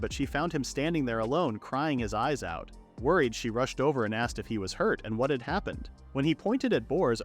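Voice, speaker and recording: Guy narrating a manga recap, bouncy pitch, steady read, faint music behind. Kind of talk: scripted narration.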